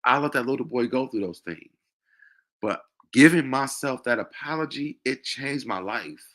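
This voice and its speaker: A man hosting his own show, speaking emotionally in a halting personal monologue with many pauses and fillers. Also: mid-range voice, lively intonation, a bit bright. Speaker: show host.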